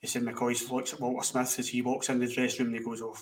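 A man telling a lively football anecdote in casual podcast chat. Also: medium pitch, quick pace, distant mic, a little hiss or hum, poor audio. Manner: animated anecdote telling, swearing in quotes. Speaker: podcast co-host. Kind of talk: casual storytelling.

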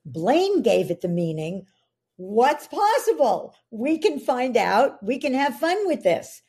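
A woman's voice: a little high, sing-song, slow, a little mellow, husky. A middle-aged woman, a podcast guest, explaining ideas in an earnest coaching tone. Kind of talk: interview conversation.

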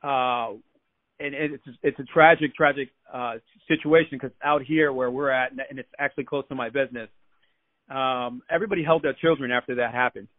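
A man's voice: mid-range voice, steady tone, fairly quick. A man telling stories as a guest on a radio talk show, chatty and repeating his words as he goes. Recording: phone line into a radio show.

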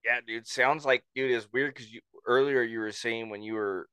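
A man's voice: medium pitch, steady tone, normal speed, sharp tone, smooth, dry recording. A man hosting a casual podcast chat, laid-back and agreeable.

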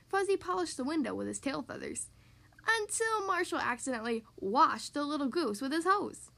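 A woman hosting a podcast, reading a picture book aloud to young children in a bright, expressive storytelling manner. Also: sits high. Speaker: podcast host reading to kids.

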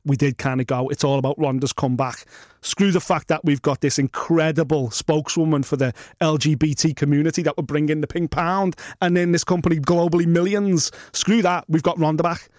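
Male co-host, blunt and sweary, fairly high pitch, dry studio sound. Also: steady tone, a little fast, hardly any pauses, darkish tone, no echo. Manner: blunt, swears freely, rants with mock quotes. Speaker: podcast co-host. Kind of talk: casual sports chat.

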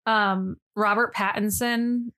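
Slow and fairly even in intonation, her medium-pitched voice carries a bit of brightness. The young woman co-hosts a podcast and chats through a history story, leaning heavily on "like" as filler.

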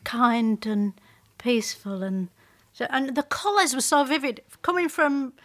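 A woman's voice: sits high, unhurried, fairly bright tone. Dry, wry woman. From northern England. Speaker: podcast guest. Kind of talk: casual chat.

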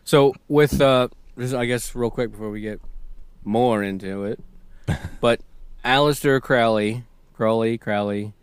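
A man's voice: medium pitch, a little slow, pauses often, clean tone, dry recording. A man in his thirties co-hosting a podcast, talking in a laid-back way and chuckling often. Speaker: podcast co-host. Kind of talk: casual chat.

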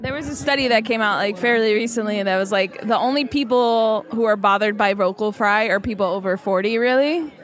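A woman's voice: medium pitch, a little fast, few pauses, faint music behind. A young woman co-hosting a podcast, explaining things in a matter-of-fact, casual way. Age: young adult. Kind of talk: casual chat.

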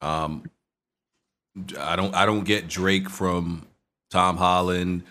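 A man with a fairly low voice, talking casually and unhurriedly on a podcast. He hesitates and restarts often as he gathers his thoughts. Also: slow pace. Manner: relaxed, hesitant, many fillers. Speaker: podcast co-host. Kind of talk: casual movie chat.

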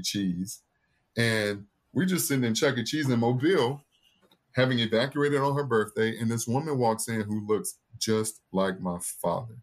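A man in his thirties, a podcast guest, telling a personal family story in an earnest, candid way and acting out the voices of the people in it. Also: fairly low pitch.

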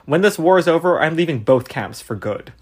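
A woman's voice: lively intonation, fairly quick, heavy background noise. A brooding bitter teenage boy, read by a woman. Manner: read aloud, low and subdued.

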